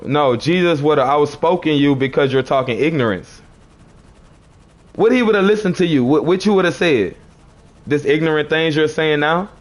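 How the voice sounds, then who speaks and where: Here a man with a fairly high speaking voice argues with live chat commenters on his stream. His tone is preachy and confrontational, and he keeps saying the same phrases again.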